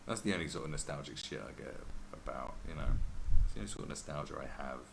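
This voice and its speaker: A man's voice: very deep voice, expressive, fast talker, gravelly. A man hosting a podcast, ranting in casual, profane chat and mimicking other people's voices. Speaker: podcast host. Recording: noisy background.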